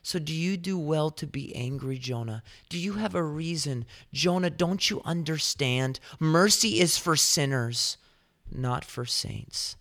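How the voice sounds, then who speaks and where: A man voicing God as patient and gently stern, pressing a sulking prophet with pointed questions. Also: on the high side, measured pace, pitched above the performer's own voice.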